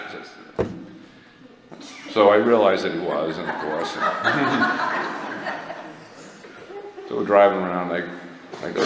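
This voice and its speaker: A man's voice: sits low, unhurried, long pauses. A middle-aged man telling a rambling, self-mocking personal story to a recovery meeting, laughing at himself. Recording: echoey hall, faint background noise.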